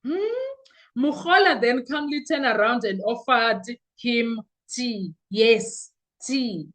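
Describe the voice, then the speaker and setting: A woman hosts her own podcast with a high, bright-sounding voice. She talks slowly and deliberately, with lots of exclamations and local words. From South Africa. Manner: animated, exclaiming, mixing in isiXhosa/Zulu words. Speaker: podcast host. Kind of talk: casual commentary.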